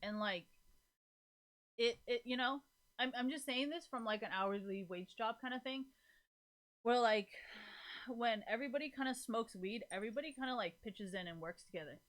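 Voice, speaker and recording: A woman's voice: a little high, normal speed, pauses often, a bit bright. A woman streaming and chatting loosely to her viewers. She rambles from thought to thought, peppers her talk with profanity and leans on "like" and "you know" constantly. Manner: rambling, profane, fills every gap with "like". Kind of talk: casual chat to a live audience.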